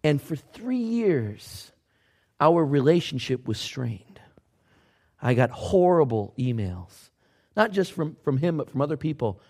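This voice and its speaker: A man, a pastor, telling a personal story in a sermon, conversational but swinging from hushed asides to loud outbursts. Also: a little high, very animated, measured pace. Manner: conversational with fillers.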